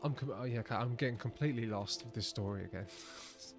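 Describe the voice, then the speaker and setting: A man's voice: medium pitch, fast, hardly any pauses, faint music behind. English man musing over a game. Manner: thinking aloud, self-mocking. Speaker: streamer. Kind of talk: casual gameplay commentary.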